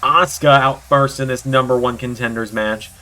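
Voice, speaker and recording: A man's voice: mid-range voice, fairly even intonation, normal speed, sharp tone. Man with a sore throat calling matches. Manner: announcer-style play-by-play, hype calls. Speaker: commentator, channel host. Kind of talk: play-by-play video game wrestling commentary.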